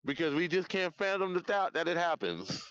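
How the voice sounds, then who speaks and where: A man live-streaming outdoors at night on his phone, chatting in a rambling, profane, animated way. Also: on the high side, moderate pace, dull audio. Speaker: livestreamer. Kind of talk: casual live-stream chat.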